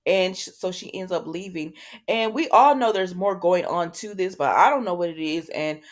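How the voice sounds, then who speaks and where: A woman's voice: lowish voice, moderate pace. A woman hosting a casual soap opera recap, chatting loosely and retelling scenes through quoted dialogue, with plenty of fillers and offhand asides.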